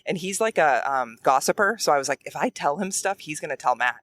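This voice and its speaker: A woman's voice: sits low, fast talker, no echo. A woman guest telling a story in casual chat, acting out the quotes, while she drives a car. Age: adult. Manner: animated, acts out quotes. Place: in a moving car.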